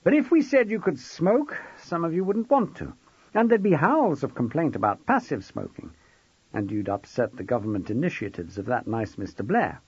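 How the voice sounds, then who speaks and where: A man's voice: on the high side, big pitch swings, normal speed, slightly rough, no room sound. A man reading an audiobook, voicing a witty, commanding middle-aged schoolmaster who lectures with sardonic, theatrical flair. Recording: dull dry close recording.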